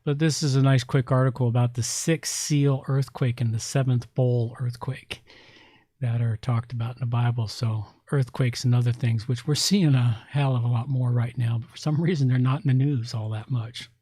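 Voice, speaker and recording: A man's voice: medium pitch, steady tone, normal speed, dark tone, breathy edge, no echo, studio quality. A man with a Southern US accent hosting a casual podcast chat, rambling and sarcastic, often groping for words. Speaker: podcast host.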